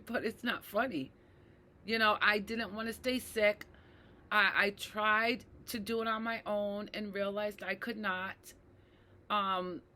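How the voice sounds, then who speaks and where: Slow, earnest woman with a bright voice. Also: mid-range voice. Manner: earnest, often asks "right?"; addresses viewers as "you guys". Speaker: mental health advocate. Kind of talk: personal talk to camera.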